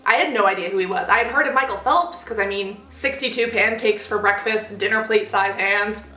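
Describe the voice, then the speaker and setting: A young woman telling a story on her vlog in a lively way, with big jumps in pitch when she acts out quotes. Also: brisk, roomy sound, low-quality recording. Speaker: vlogger.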